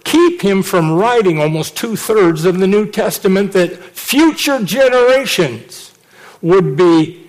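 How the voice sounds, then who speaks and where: A middle-aged man preaching a sermon, telling a personal testimony and acting out the people he quotes. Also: high-pitched. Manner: animated storytelling, acts out quotes.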